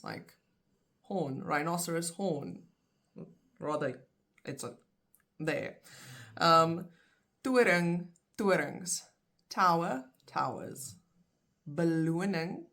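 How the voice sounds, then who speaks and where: A woman teaching vocabulary in a video lesson, saying each word and its plural slowly and carefully, in pairs. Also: low-pitched, fairly bright tone. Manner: slow, careful, repeats words in pairs. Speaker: language teacher.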